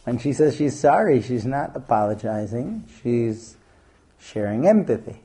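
Animated man lecturing with lively pitch. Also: a little slow. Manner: animated, acts out scenes in different voices. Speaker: teacher of a class. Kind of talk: lecture to a class.

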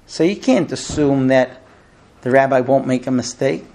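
A man's voice: mid-range voice, normal speed, a little mellow. A man teaching a Talmud class who explains cases and acts out little dialogues.

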